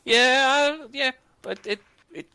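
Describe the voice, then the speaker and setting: Australian man, podcast co-host, bright voice, dry sound, hesitant, self-deprecating. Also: extremely high pitch, slow, smooth, dry recording. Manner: hesitant, lots of ums and restarts, self-deprecating. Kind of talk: casual group chat.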